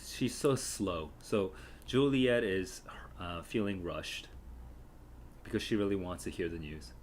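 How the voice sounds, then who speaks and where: A man's voice: deep voice, unhurried, slight background noise. A man reading a play and reacting to it casually, musing aloud and correcting himself as he goes. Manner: musing, self-correcting, chatty.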